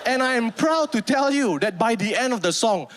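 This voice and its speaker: A Malaysian man in his thirties doing a stand-up comedy set, animated and acting out the people in his stories. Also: normal speed, background noise. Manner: animated, acts out characters with pitch jumps.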